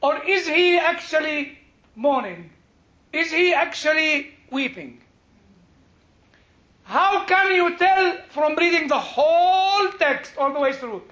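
Speaking slowly but with lively intonation, a man lectures a live class on the Bible in a very high, sharp voice. The room echoes and the audio sounds dull. His talk is chatty and digressive, dotted with "you know," small chuckles, and questions for the listeners.

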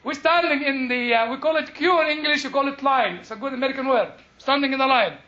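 A man's extremely high voice comes out fast, pushed, and bright as he lectures a live class on the Bible, with an echoey room and dull audio. He drifts into digressions, leans on "you know," lets out little chuckles, and keeps quizzing his listeners.

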